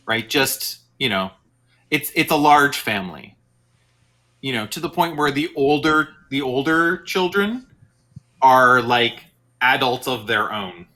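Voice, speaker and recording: A man's voice: medium pitch, pushed and bright. A man narrating a tabletop game as game master, rambling with many fillers.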